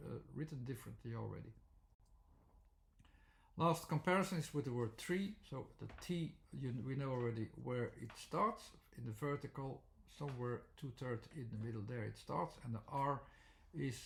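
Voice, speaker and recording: A man talks through an explanation in an unscripted, halting way, full of fillers and restarts. His voice sits at an ordinary middle pitch with a gravelly, fry-tinged edge. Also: a little mellow. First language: Dutch. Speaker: teacher.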